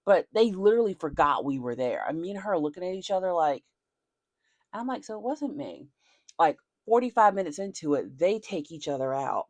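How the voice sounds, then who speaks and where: Low-voiced, lively chatty woman. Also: a little fast, no room sound. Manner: chatty, rambling storyteller with casual slang. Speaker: card game vlogger. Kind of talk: casual chat while opening card packs.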